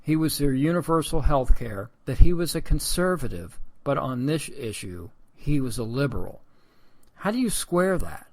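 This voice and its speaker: A man's voice: a little high, gravelly. A man hosting a political commentary podcast, talking in a sarcastic, rambling way and calling his listeners folks. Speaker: podcast host.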